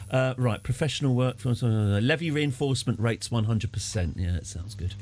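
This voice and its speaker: A man's voice: medium pitch, lively intonation, normal speed, a little mellow, slight background noise. A man chatting casually on a game stream, rambling through jokey stories with lots of fillers. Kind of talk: casual live-stream chat while gaming.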